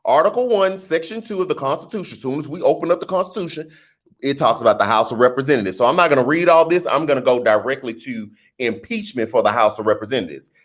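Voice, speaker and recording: Man, New Orleans accent, middle-aged, casual vlog explainer, animated, teasing. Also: mid-range voice, fast talker. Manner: animated, teasing, rhetorical questions, colloquial asides. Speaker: political commentary vlogger.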